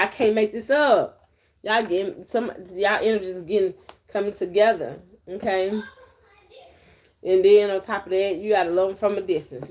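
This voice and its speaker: A woman's voice: on the low side, a little mellow. Blunt woman giving a live tarot reading. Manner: blunt, repetitive, addresses viewers as y'all. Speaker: tarot reader.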